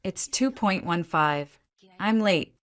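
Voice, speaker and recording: A woman's voice: fairly low pitch, animated, slow. A woman voicing an anxious, self-doubting young wife in a story reading, speaking in a tense, pleading, self-reproaching way. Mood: distressed.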